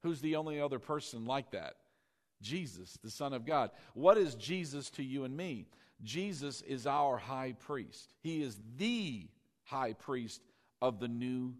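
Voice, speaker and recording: A male pastor preaching a sermon, drawing call-and-response from the congregation, asking rhetorical questions and slowing down for emphasis. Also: medium pitch.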